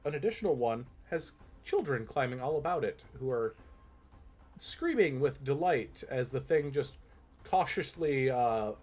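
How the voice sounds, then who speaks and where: Husky-voiced male game master. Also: mid-range voice, animated, unhurried, a little mellow. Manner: meandering, many fillers and restarts. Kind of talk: narrating a tabletop game.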